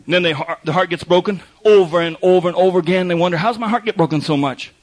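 A man's voice: sits high, fast talker, rough recording. A man preaching a sermon in a conversational way, repeating phrases for emphasis and slipping in wry asides. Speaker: pastor.

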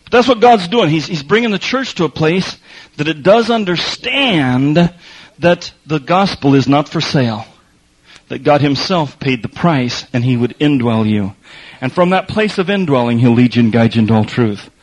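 A man preaching a sermon, telling a lively story with laughs and then reading scripture slowly and quietly. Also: on the high side, rough recording.

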